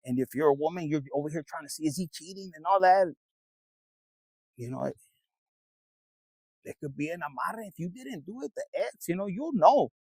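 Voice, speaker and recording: A man with a high, gravelly voice rambles through a casual tarot reading in a dry, close sound, cursing freely and talking straight to his viewers in a loose, streetwise way. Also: expressive, moderate pace, pauses often, warm tone, no echo, rough recording. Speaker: tarot reader.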